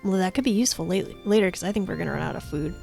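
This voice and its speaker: Woman doing teen boy, low, quiet, matter-of-fact, game character. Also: racing, vocal fry, soft background music. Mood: mild. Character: teenage boy forager, mild and practical.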